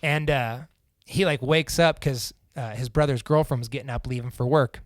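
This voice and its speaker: A man's voice: mid-range voice, normal speed, no echo, studio quality. A young man from Central Indiana, a podcast guest casually telling a personal story, swearing freely and acting out what others said. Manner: casual and profane, acts out the quoted lines.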